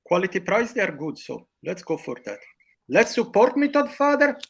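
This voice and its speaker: A man's voice: high-pitched, big pitch swings, normal speed, vocal fry, breathy edge, full character voice. A man putting on a mock Australian accent, playing a put-upon son who tacks "mate" onto his lines. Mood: pleading. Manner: ends lines with "mate", pleading.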